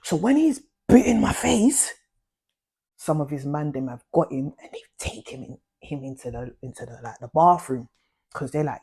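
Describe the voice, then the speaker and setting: A young woman, talking straight to her viewers in a casual, animated storytime full of slang. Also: low voice, normal speed, husky. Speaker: vlogger.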